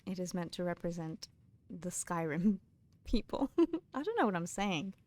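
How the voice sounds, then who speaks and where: A woman's voice: fairly low pitch, animated, moderate pace, dry recording. Giggly British woman streaming a game. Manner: chatty and giggly, drops to soft mutters. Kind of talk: casual live-stream chat and reading books aloud.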